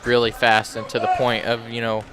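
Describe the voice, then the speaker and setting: A man's voice: medium pitch, monotone, a little fast. A man doing casual color commentary at a basketball game, easygoing and rambling, with a lot of "you know.". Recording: noisy gym with ball bounces behind.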